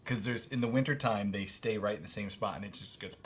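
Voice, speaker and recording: A man from Connecticut co-hosting a homestead podcast, talking casually with lively stress and frequent laughs. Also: on the low side, breathy edge. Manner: animated, laughs often, drawn-out emphasis. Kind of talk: casual chat.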